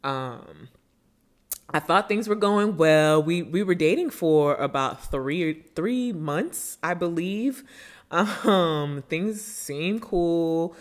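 Slow, low-voiced woman podcast host. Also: lively intonation. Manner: laid-back and chatty, laughs easily. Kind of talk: casual chat.

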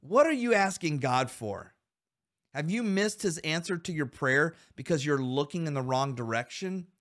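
A man's voice: on the high side, lively intonation, moderate pace, a bit bright. A man hosting a Christian men's podcast, earnestly exhorting listeners with rhetorical questions and calling them guys. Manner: calls listeners guys and men. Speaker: podcast host.

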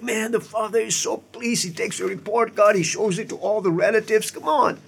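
A man's voice: sits high, normal speed, gravelly, few pauses, a bit bright, breathy edge. A man, a pastor, preaching an earnest sermon with emphatic asides and repeated words. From Indian heritage.

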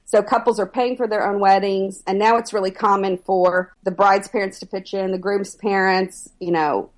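A middle-aged woman speaking as an etiquette expert on a podcast. She talks in a measured, steady advising way. Her voice sits at an ordinary pitch for a woman. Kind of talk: podcast interview answers.

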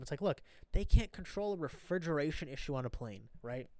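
A man's voice: fairly high pitch, animated, fairly quick, hardly any pauses, dark tone, dry recording. A man talking through a motivational monologue in a casual vlog, earnest and rambling, often tagging his points with a question. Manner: earnest, rambling, keeps asking "right?". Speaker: vlogger sharing a mindset talk. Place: stranded at an airport after a cancelled flight.

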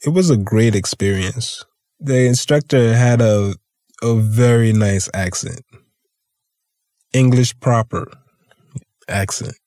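Man, podcast host, slow pace, mellow, dry sound, casual rambling storyteller. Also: mid-range voice, dry recording. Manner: laid-back, rambling, swears freely, laughs often.

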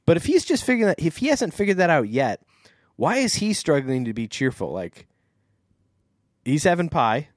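Animated man, wry podcast chat. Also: a little high, no echo, clean studio sound. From St. Louis. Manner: wry, breaks into quick quoted voices. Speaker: podcast co-host reading a book aloud. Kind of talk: casual chat and reading aloud.

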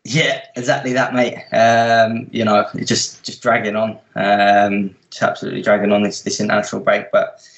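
Flat-toned man, easygoing podcast guest. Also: fairly low pitch, moderate pace, vocal fry, lo-fi sound. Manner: relaxed, lots of ums and "mate". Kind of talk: casual football podcast chat.

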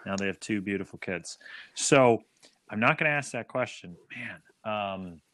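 A man's voice: fairly low pitch, animated, normal speed, a bit bright. A man guest on a podcast, chatting casually and telling a hypothetical story, with frequent ums and restarts. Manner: hesitant, many ums, storytelling. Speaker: guest, former soccer player.

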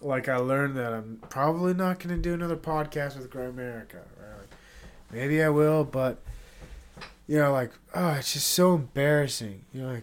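A man's voice: medium pitch, moderate pace. A congested man hosting his own podcast, rambling in a casual solo monologue, self-critical and swearing often. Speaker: podcast host.

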